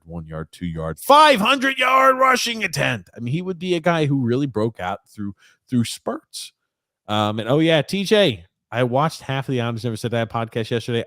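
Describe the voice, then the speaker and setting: A man's voice: medium pitch, fairly bright tone, dry recording, studio quality. A man co-hosting a casual sports podcast, teasing his partner and laughing often as he talks. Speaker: podcast co-host.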